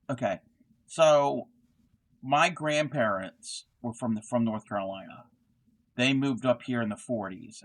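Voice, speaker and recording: A middle-aged man who hosts a crochet livestream, rambling casually as he answers chat. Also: mid-range voice. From Baltimore area, Maryland. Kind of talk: casual live-stream chat.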